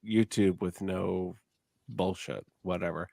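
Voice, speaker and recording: Tipsy middle-aged man ranting, low voice. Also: fairly even intonation, slow pace, gravelly, a little mellow, no room sound. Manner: profane, slightly slurred ranting. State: tipsy from drinking. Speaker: podcast host. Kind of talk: casual chat.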